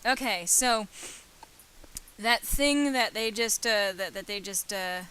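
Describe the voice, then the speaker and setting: A woman's voice: medium pitch, takes it slowly, bright, forceful tone, clear, resonant tone, rough recording. A woman hosting a let's play, reading game text aloud and commenting casually. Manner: reads game text aloud, hesitant fillers.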